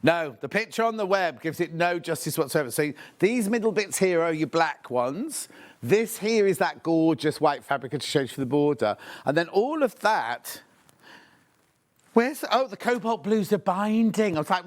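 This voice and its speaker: A man's voice: a little high, lively intonation, normal speed. A man presenting products on a live shopping channel, chatty and gushing, thinking aloud as he unpacks things.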